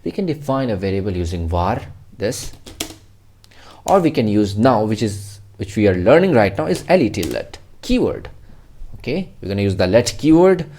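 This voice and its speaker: A man's voice: fairly low pitch, big pitch swings, moderate pace, dark tone, slight background noise. A man teaching a casual coding tutorial, rambling and swearing freely as he jokes with himself. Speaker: programming tutor.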